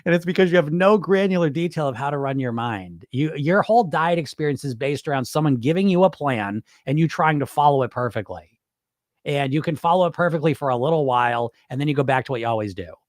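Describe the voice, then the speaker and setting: Middle-aged coach guy ranting, swears a lot, voice jumps all over, kinda high. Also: fast talker, no room sound, clean studio sound. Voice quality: animated, emphatic, swears freely. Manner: argumentative rhetorical questions, acts out his own inner voice. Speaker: weight loss coach. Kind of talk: direct-to-camera advice talk.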